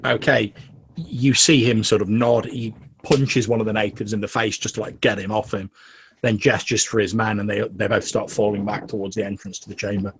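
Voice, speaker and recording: A man's voice: on the low side, little pitch movement, fairly quick, fairly bright tone, a little hiss or hum. A young man narrating a tabletop game as game master, casual and full of fillers.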